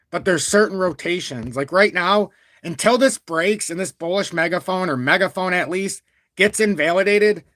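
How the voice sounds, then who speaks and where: A man hosting a crypto live stream, talking at length in a blunt, calm and even tone while reading out viewer super chats. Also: on the high side, no echo, clean studio sound. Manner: talkative and blunt, reads super chats aloud; calm, even-toned delivery even when annoyed. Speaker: crypto livestream host. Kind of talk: live-stream market commentary.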